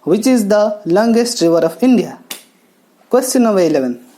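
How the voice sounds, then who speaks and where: A woman teaching English grammar, talking slowly and explaining each step with pauses. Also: medium pitch, animated, mellow. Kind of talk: classroom lesson narration. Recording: faint background music.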